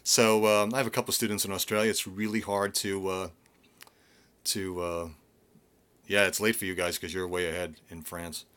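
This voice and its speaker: A man's voice: deep voice, level tone, normal speed, fairly bright tone. A middle-aged man, a vocal coach, chatting casually on a live stream from home, rambling with many fillers and restarts.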